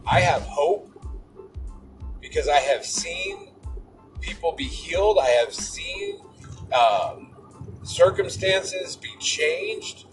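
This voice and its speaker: A man's voice: a little high, animated, slow pace, long pauses, distant mic, music in the background, low-quality recording. A middle-aged man hosting a podcast, telling a personal story and reflecting on faith in an earnest, emphatic way. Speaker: podcast host.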